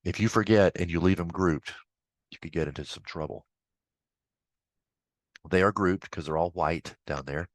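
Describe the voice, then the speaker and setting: A man instructor walking through a software tutorial in a casual, chatty way with offhand asides. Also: sits low, normal speed, pauses often, no room sound. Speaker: accounting instructor. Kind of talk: screen-recorded software tutorial.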